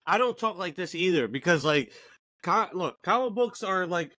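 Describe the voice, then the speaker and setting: A man's voice: sits high, lively intonation, moderate pace, sharp tone, no room sound. A man hosting a podcast, talking in a laid-back, casual way, with lots of fillers and easy swearing. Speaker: podcast host. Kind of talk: casual chat.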